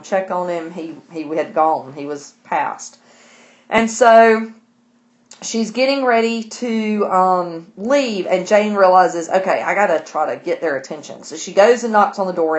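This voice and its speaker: A woman's voice: fairly low pitch, unhurried. A woman teacher casually retelling a novel's chapters for her class, chatty, with asides to listeners. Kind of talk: casual book discussion lesson.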